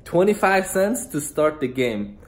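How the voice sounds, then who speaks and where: A man's voice: a little high, big pitch swings, measured pace. A young man from Iran, talking to camera in a loose, rambling vlog and often laughing. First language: Farsi. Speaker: vlogger. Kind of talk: casual rambling monologue to camera.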